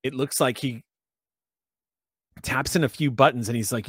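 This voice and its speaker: Man, game master, descriptive narration, mid pitch, dry sound. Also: moderate pace, pauses often, fairly bright tone, dry recording. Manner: descriptive, conversational narration with fillers.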